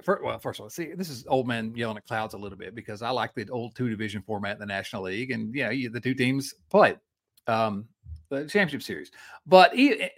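A man co-hosting a podcast, ranting in casual sports chat, stopping and restarting his sentences. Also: medium pitch. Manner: animated, ranting, with frequent restarts. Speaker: podcast co-host.

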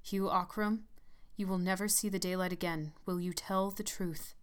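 An ancient, stern nurse, as a woman reader puts her on, grave and commanding in a storybook tale. The voice sits low and smooth, with a clear, rounded tone. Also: fairly even intonation, moderate pace, natural voice. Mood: solemn. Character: ancient stern female nurse, sharp and solemn. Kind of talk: storybook reading.

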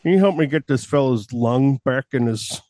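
Man doing a creepy killer voice, low, slow, murmuring, on a dry podcast track. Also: lively intonation, warm tone, no echo, lightly acted. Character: creepy slow-talking male killer with strange tendencies.

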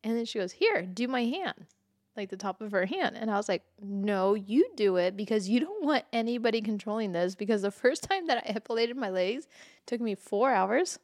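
A woman's voice: medium pitch, expressive, brisk, a little mellow, no room sound, clean studio sound. A woman co-hosting a podcast in casual chat, telling stories through laughter and plenty of swearing. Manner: laughing storyteller, swears freely. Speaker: podcast co-host.

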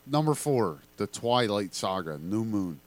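A man casually chatting about movies, relaxed and rambling with lots of fillers. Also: lowish voice, unhurried. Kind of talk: casual chat ranking movies.

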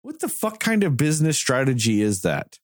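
A man's voice: mid-range voice, moderate pace, no room sound, clean studio sound. A man ranting in a casual chat, cursing freely and swinging his voice around as he complains. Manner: animated ranting, heavy swearing.

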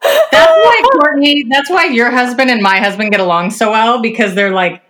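A woman's voice: fairly high pitch, animated, moderate pace, fairly bright tone. A woman chiming into a casual podcast chat with a joking aside.

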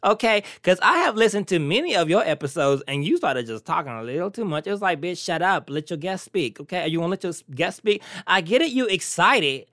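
Sassy, lively-voiced talk show host. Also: medium pitch, quick pace, hardly any pauses, no echo, clean studio sound. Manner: sassy, brash, teasing. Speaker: podcast host. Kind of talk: casual solo chat.

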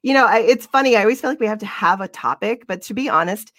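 A woman's voice: medium pitch, quick pace, a bit bright, dry recording, studio quality. A woman co-hosting a podcast livestream in a casual chat. She talks in a rambling, chatty way with frequent laughs and restarts. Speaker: fitness instructor.

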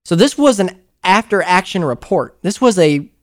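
An American man hosting a casual paranormal podcast, telling stories in an animated way with frequent laughs. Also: high-pitched, moderate pace. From United States. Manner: animated storyteller, laughs often, acts out quotes. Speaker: podcast host.

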